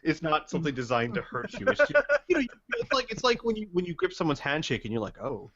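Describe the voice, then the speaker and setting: A man narrating as game master in a casual, rambling way. His pitch is lively and animated. The audio is dull and lo-fi. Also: quick pace, a little hiss or hum. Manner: casual, explains with many fillers.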